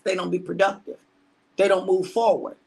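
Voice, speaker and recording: Gravelly-voiced woman preaching conversationally. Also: lowish voice, level tone, moderate pace. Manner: conversational, drops to hushed tones, repeats phrases for emphasis. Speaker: pastor. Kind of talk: livestream preaching.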